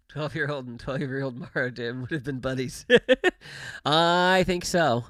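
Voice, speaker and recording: Unhurried and fairly bright, a medium-pitched gaming host talks casually while streaming, with no echo in the sound. His chatter rambles along with fillers and self-corrections, punctuated by frequent laughter, picked up by a pop-filtered studio mic.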